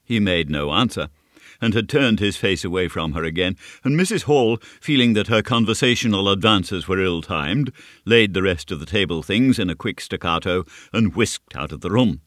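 A man reading a classic novel aloud as scripted narration, in a measured, steady storytelling manner. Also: sits low, no echo, studio quality. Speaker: audiobook narrator.

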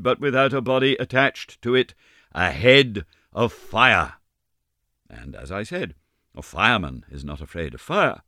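A man narrating a classic novel in an expressive, dramatic storytelling manner. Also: fairly low pitch, dry recording, studio quality. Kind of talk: audiobook narration.

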